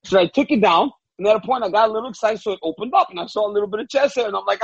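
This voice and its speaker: Louisiana-raised co-host: high, husky voice, animated storyteller who laughs a lot, dry lo-fi sound. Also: male voice, very fast, hardly any pauses, no room sound. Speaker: co-host and fight analyst. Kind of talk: casual chat.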